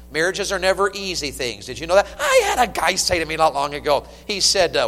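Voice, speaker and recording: Male pastor, high voice, lively folksy sermon, long church-hall reverb. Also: fairly quick. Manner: animated, folksy preaching with humor. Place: church sanctuary.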